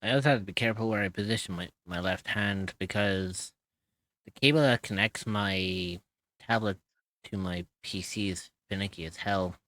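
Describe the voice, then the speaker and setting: A man's voice: deep voice, moderate pace, fairly bright tone, no echo. A man streaming live and chatting casually, laughing often and swearing now and then.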